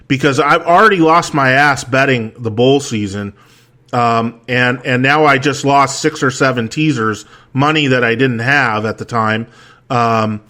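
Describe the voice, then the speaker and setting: A man's voice: medium pitch, sharp tone. Rambling, profane man hosting a chat. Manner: rambling and profane, with many restarts. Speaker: podcast host. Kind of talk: casual chat.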